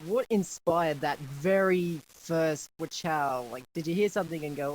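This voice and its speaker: A man's voice: a little high, measured pace, slight background noise, low-quality recording. Australian man, guest, casual chat, hesitant, fillers. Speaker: guest voice actor.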